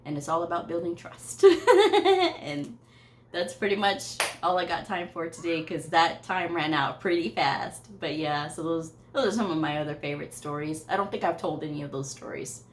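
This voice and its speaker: A middle-aged woman with a fairly low voice tells work stories in a relaxed storytime vlog. She is chatty, laughs easily, and acts out bits of dialogue as she goes. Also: normal speed, a little hiss or hum. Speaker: medical coder.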